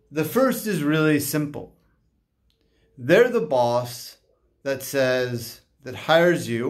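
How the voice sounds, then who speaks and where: Man, life coach, slow unhurried delivery, halting restarts, casual talk to camera. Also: mid-range voice. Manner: slow, halting, acts out dialogue in animated voices.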